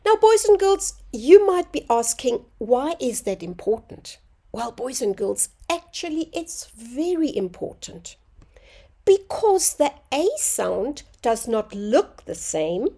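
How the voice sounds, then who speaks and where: A woman teaching a phonics lesson to young children, sounding out words slowly and clearly. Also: high-pitched, sing-song, mellow.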